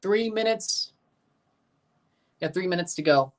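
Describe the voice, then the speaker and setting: A man's voice: high voice, a little slow. Chatty man hosting a live watchalong. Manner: chatty, reads viewer comments aloud and answers them. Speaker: streamer hosting a match watchalong. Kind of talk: casual live reaction chat.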